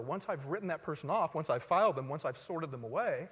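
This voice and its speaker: A man giving a live stage talk, telling stories conversationally and swinging between loud emphasis and quiet asides. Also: fairly high pitch, animated, fast talker, few pauses, breathy edge. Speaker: speaker at a live talk event. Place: large hall, on stage before an audience. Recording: long hall reverb.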